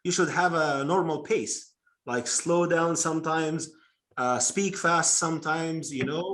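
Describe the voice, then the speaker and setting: A man runs a teaching workshop, explaining points one at a time and pausing to draw answers from his listeners. His voice sits fairly high for a man. He often slows right down to stress key words. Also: fairly bright tone. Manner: explaining, eliciting answers from the audience. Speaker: English teacher trainer. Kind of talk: workshop presentation.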